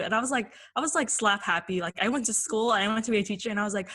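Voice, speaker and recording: A young woman co-hosting a podcast, telling a story in lively, filler-heavy casual chat. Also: medium pitch, racing, hardly any pauses. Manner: animated storytelling, many "like" fillers. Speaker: podcast co-host.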